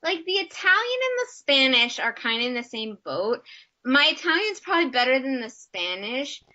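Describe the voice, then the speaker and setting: A woman's voice: sits high, sing-song, moderate pace, bright, forceful tone. A young American woman, an actress, chatting casually and upbeat on a video call, full of fillers. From United States. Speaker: actress and guest. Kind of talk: casual interview chat. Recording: slightly muffled video-call audio.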